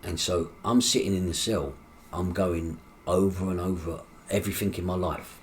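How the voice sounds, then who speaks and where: A man's voice: low-pitched, normal speed, slight background noise. A middle-aged man, telling his life story in an interview. He acts out the dialogue in his story and swears freely. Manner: animated, acts out quoted dialogue with coarse swearing. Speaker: guest.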